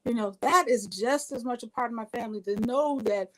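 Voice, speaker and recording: A woman's voice: on the high side, brisk, rough recording. A woman from Minnesota, an interview guest, telling family stories enthusiastically, with frequent restarts. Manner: enthusiastic, warm, with repeated restarts. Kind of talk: conversational storytelling.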